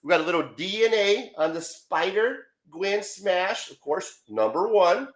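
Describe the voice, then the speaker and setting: A man co-hosting a casual comic book stream, loose and excitable, swearing freely as he shows off issues over a video call. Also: high-pitched, unhurried. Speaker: co-host showing comic books.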